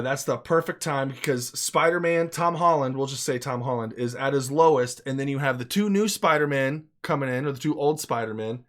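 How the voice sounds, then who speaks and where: In a medium-pitched voice, a man gives an unscripted movie review, getting worked up and emphatic. He swears freely and says things over again for emphasis.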